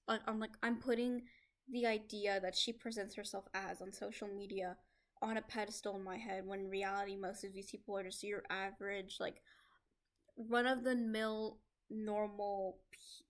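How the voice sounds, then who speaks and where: A young American woman talking in a casual, rambling vlog on her laptop microphone, full of "like" fillers. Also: medium pitch. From United States. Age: young adult. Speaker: vlogger. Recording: lo-fi laptop recording.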